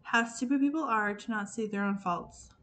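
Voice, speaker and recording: A woman's voice: fairly high pitch, moderate pace, a bit bright, close to an everyday voice. Woman doing a testy hungry prince. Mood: grumbling. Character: hungry, impatient young prince, vain about himself.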